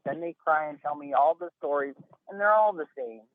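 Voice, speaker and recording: A man's voice: on the high side, brisk. A man on a phone call, talking in an emphatic, rambling, exasperated way as an interview guest. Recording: tinny phone line.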